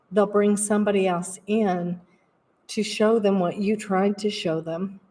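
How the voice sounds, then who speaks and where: A woman's voice: mid-range voice, darkish tone, far from the mic. A woman giving a casual, rambling spiritual talk in an earnest way as a practitioner. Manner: rambling, earnest, laughs while telling stories.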